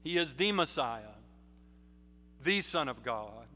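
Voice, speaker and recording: A male preacher delivers a sermon, unhurried and deliberate, leaning hard on his key words. His voice is bright and sits a little high. It rings out with a long reverb, as in a big sanctuary. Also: expressive. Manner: measured, emphatic preaching with rising stresses. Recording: long reverb of a large hall.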